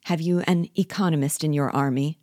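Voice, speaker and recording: A woman's voice: deep voice, steady tone, fairly quick, darkish tone, dry recording, clean studio sound. A woman voicing a timid, frightened prisoner. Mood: flattering. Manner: pleading, nervous and flowery. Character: timid, terrified male citizen prisoner.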